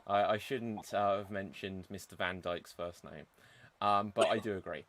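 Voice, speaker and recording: A man hosting an online improv comedy show. He sets up scenes in a brisk, organized way and runs the audience vote. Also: lowish voice, steady tone, a bit bright, no echo. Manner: brisk, organizing, reads audience comments aloud. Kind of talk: live-streamed show hosting.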